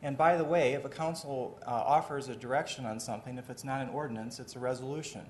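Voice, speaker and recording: Mayor guy talking at a council meeting, steady and deliberate, mid pitch, bit of faint hiss. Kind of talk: formal address at a public committee meeting. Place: city council meeting chamber.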